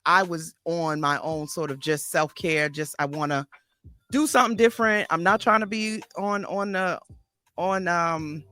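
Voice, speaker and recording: A woman's voice: fairly low pitch, unhurried, a bit bright. A woman therapist and host recalling a past conversation in a reflective, thoughtful way, with restarts. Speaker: therapist and life coach, host. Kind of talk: casual conversation.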